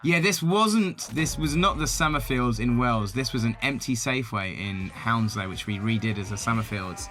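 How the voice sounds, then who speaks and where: A man's voice: medium pitch, moderate pace, hardly any pauses, bright, forceful tone. A man with an English West Country accent giving a chatty, rambling film commentary, full of likes and kind-ofs. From England. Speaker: film director. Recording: music from the film faint behind.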